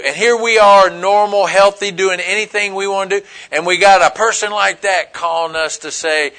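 A man's voice: sits high, normal speed, sharp tone. A man preaching a sermon, telling a story in an emphatic, repetitive way. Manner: storytelling, emphatic, repeats phrases. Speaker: pastor.

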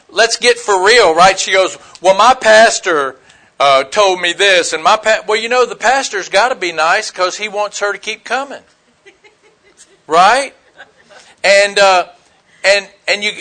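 Male preacher, straight-talking storyteller with a high, ringing voice. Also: pushed and bright. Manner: blunt, folksy storytelling with rhetorical questions. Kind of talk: conversational sermon.

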